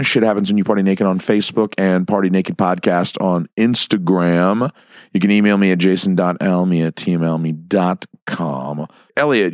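A man hosting a casual comedy podcast, spinning crude jokes and drawn-out gags into a close mic. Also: low voice, dry recording. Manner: crude, joking, drawn-out storytelling. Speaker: podcast host.

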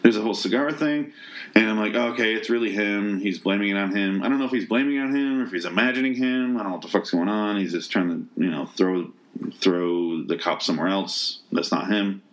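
A man tearing into a movie in a loose, rambling rant, dropping curses and sarcastic asides. His voice sits slightly low, and he keeps stumbling over restarts as his exasperation builds. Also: a little fast. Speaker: movie reviewer. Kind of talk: casual spoken rant.

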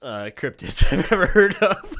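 Lively, bright, incredulous podcast co-host man. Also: sits high, measured pace. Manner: profane, incredulous, laughing. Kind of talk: casual comedic chat.

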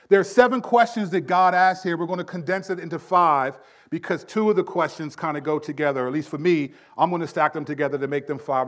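A middle-aged male pastor preaching a sermon, animated, acting out everyday dialogue as he teaches. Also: on the high side.

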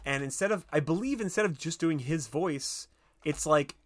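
A man's voice: fairly high pitch, expressive, normal speed. A man co-hosting a podcast, chatting about movies in a rambling, jokey, crude way. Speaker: podcast co-host. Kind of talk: casual movie chat.

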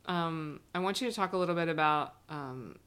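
A woman co-hosting a casual chat, playful and teasing, quick to laugh. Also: deep voice, fairly bright tone, smooth. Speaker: podcast co-host.

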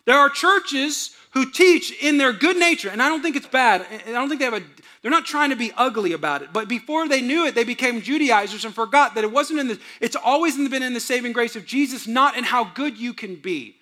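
Preacher guy telling stories in his sermon, acts out the voices, real high and bright. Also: expressive, a little fast, hardly any pauses. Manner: storytelling, acts out quotes, laughs with the audience. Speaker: pastor.

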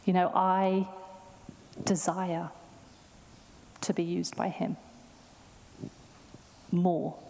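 A woman's voice: fairly low pitch, little pitch movement, drawn-out words, creaky, pauses often, dark tone, a little hiss or hum. A woman giving a sermon testimony, telling a personal story in a casual, chatty way with fillers and quoted thoughts. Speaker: preacher. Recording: long hall reverb.

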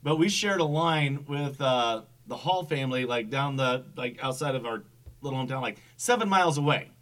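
A man's voice: mid-range voice, animated, moderate pace, a bit bright. A man in casual chat who rambles, laughs easily and acts out voices, recorded a little off-mic.

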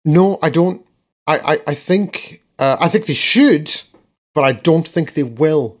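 Male co-host, higher voice, casual animated sports chat, laughs as he talks. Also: measured pace. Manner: animated, laughs while recapping, repeats words. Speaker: podcast co-host.

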